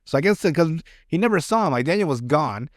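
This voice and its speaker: A man's voice: a little high, expressive, fast talker, dry recording, studio quality. A man hosting a podcast, chatting casually about a movie, rambling with lots of filler words, swearing and laughing often. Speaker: podcast host.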